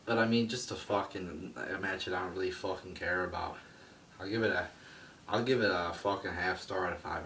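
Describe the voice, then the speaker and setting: A lower-voiced man rants through a wrestling review, swearing freely and sneering at what he dislikes. He sits a little back from the mic, so his voice comes across roomy and echoey, with a faint hiss of noise underneath. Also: a bit bright, far from the mic. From United States. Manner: crude, swearing, scornful. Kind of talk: profane ranting review.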